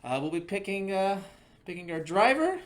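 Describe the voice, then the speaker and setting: A man hosting a casual movie podcast, joking around and excitable. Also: high-pitched, moderate pace, a crowd in the background. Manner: jokey, playful, excitable. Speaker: podcast host. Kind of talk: casual chat.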